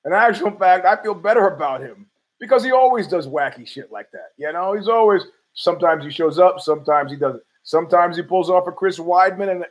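A man rambles through a casual podcast monologue in a fairly high voice. He swears freely and keeps talking back to himself. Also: muffled recording. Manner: rambling, profane, argues with himself. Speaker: podcast host.

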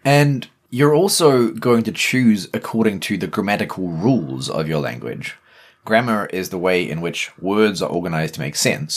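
A man's voice: low voice, husky. A man with a New Zealand accent, co-hosting a podcast in a casual, emphatic discussion. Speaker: podcast co-host.

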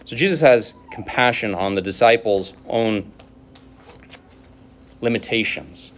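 A man preaching a sermon as pastor, in a conversational way, with casual asides and quick laughs. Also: medium pitch, muffled recording.

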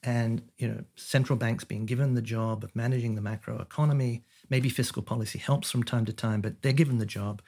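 A man's voice: mid-range voice, fairly even intonation, a little fast, hardly any pauses, darkish tone, breathy edge. A man, an economist guest on a podcast, explaining his ideas in a thoughtful way with frequent fillers and restarts. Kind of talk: conversational interview.

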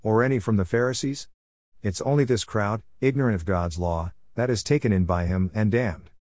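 A man's voice: on the low side, normal speed, darkish tone, dry recording, clean studio sound, close to an everyday voice. A man voicing scornful male religious leaders who challenge and dismiss others.

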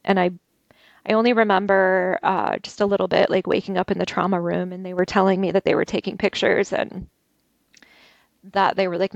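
A woman telling an interview host about a violent attack she survived, talking haltingly with many restarts. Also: mid-range voice, vocal fry, dry recording, highs cut off. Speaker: interview guest. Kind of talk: recounting a personal ordeal. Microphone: video call.

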